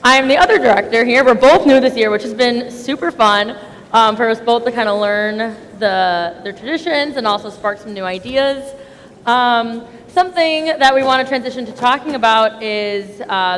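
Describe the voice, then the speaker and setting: Woman, choir director, chatty and self-deprecating, fairly high voice, hall reverb. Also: slight background noise. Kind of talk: addressing a concert audience. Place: school concert stage. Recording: long hall reverb with audience.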